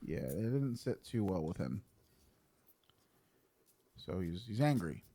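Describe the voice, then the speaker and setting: A man playing his character at a tabletop game, earnest and plainspoken with halting pauses. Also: low voice, big pitch swings, dark tone, breathy edge. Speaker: player.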